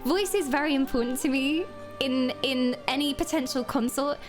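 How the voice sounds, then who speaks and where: A woman's voice: high voice, moderate pace, music in the background. A woman streaming a game, chatting in a playful, flirty, self-mocking way. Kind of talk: casual live-stream commentary.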